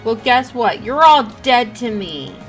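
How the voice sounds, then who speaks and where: A woman's voice: a little high, sing-song, unhurried, faint music behind, voice pushed up. A woman voicing a furious young actress. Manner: ranting, indignant outbursts.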